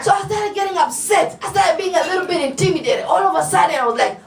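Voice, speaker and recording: A woman with a Kenyan accent performing animated comic storytelling and spoken word poetry, shouting punchlines and laughing through lines. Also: high-pitched, fairly quick, vocal fry, few pauses, a crowd in the background. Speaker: poet and storyteller. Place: small bar lounge with audience. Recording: roomy live bar recording from a distance.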